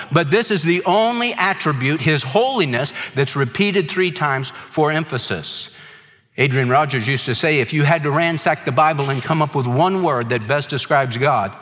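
A man's voice: on the high side, a bit bright, long reverb tail. A male pastor preaching a sermon, stressing points through emphatic repetition.

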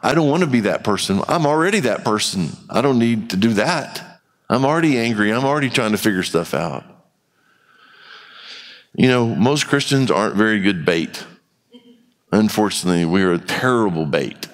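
A man's voice: lowish voice, expressive, normal speed, long reverb tail. A man preaching a sermon in a church in a conversational style, acting out quotes as he goes. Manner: conversational preaching with acted-out quotes and rising intensity. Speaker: pastor.

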